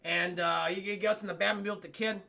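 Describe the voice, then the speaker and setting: A man hosting a live stream, retelling a cartoon episode to his chat in a rambling, profane, animated way. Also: high-pitched, fast talker, gravelly. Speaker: livestream host reviewing cartoons. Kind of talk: casual streamed recap with chat.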